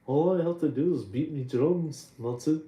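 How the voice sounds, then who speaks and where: A man putting on a loud, jolly impression of a bumbling drummer. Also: on the high side, normal speed, roomy sound, pitched above the performer's own voice, close to an everyday voice.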